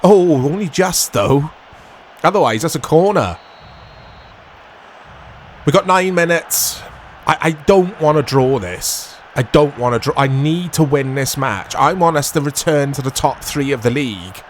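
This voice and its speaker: A man commentating his own football video game play, excitable and self-mocking, shouting at big moments. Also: a little high, unhurried, a little hiss or hum. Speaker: gaming YouTuber. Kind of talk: gameplay commentary.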